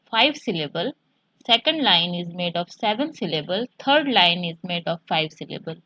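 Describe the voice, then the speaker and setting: A woman teaching a maths lesson to children, explaining slowly step by step and slipping in Hindi words. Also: medium pitch, bright, forceful tone, no echo, dull audio.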